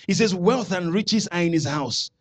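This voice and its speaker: A man with a Nigerian accent preaching a sermon, calling out to the congregation and building to shouted declarations. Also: high-pitched, normal speed. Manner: preaching with call-and-response, rising to shouts. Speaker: pastor.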